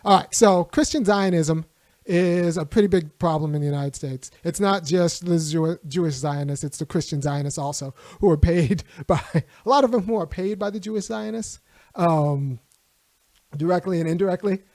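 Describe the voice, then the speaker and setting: High-pitched man rambling on a livestream. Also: moderate pace, a little mellow, no echo. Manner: loose, rambling, restarts and laughs. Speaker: host. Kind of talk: livestream political commentary.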